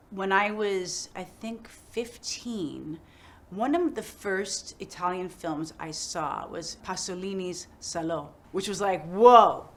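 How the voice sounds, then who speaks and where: A middle-aged woman, an actress chatting casually in an interview, animated and full of "like" fillers. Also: mid-range voice. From United States.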